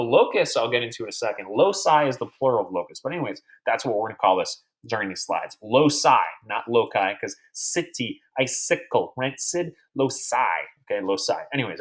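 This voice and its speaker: Chatty math teacher with a lively voice. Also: male voice, mid-range voice. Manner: chatty, digressive, quizzes imaginary students. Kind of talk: recorded classroom lecture.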